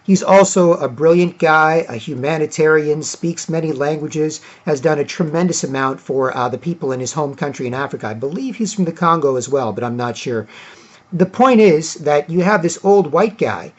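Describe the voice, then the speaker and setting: A man's voice: on the high side, moderate pace, dull audio. A man from Toronto, hosting opinionated solo commentary and rambling with lots of fillers and restarts. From Toronto, Canada. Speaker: vlog host.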